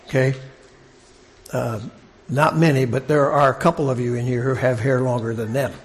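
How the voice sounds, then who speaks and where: A man preaching a sermon in a conversational, halting way, often restarting his sentences. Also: medium pitch, steady tone, slight background noise. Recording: long reverb of a large hall.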